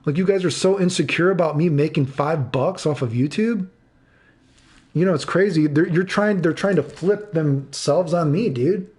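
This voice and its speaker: A man's voice: on the high side, moderate pace, darkish tone. A man in his thirties streaming live, ranting angrily and swearing, repeating himself and answering chat. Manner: angry, profane, repeats himself.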